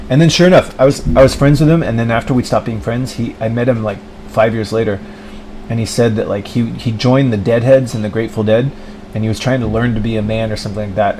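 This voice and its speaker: A man's voice: fairly low pitch, noisy background. A man ranting in a rambling monologue, full of filler words and mocking impressions of other people. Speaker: vlogger.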